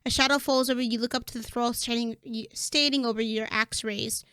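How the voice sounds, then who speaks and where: A woman streamer casually playing a game, reading its text aloud with excitable, profane outbursts. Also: fairly high pitch, fairly quick, clean tone, dry recording, studio quality.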